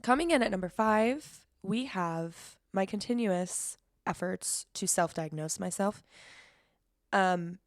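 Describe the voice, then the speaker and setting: A woman's voice: medium pitch, no room sound, studio quality. A young woman hosting a casual solo podcast, rambling, swearing freely and laughing as she talks. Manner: rambling, cursing, quick laughs. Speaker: podcast host.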